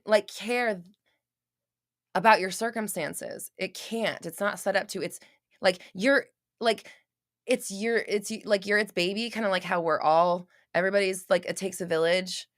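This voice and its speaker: In a dry, clean studio recording, a woman speaks with a mid-range voice that sounds pushed and bright. She's hosting a live podcast, casually answering listeners with blunt talk, frequent swearing, lots of fillers and restarts, and little acted-out scenes voiced in quotes.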